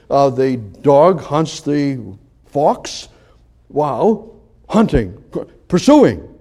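A man delivers a conversational sermon in a mellow, relaxed voice that sits slightly high. He teaches in a halting cadence, restarting phrases and repeating key words. He pushes hard on emphatic lines and then drops to quiet asides. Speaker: preacher.

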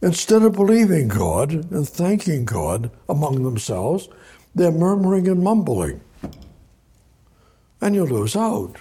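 A man's voice: fairly high pitch, very animated, measured pace, dark tone, slightly rough. A man preaching a sermon, reading scripture aloud in a conversational, repetitive way. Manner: conversational, repeats words, reads scripture aloud. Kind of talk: sermon, Bible study.

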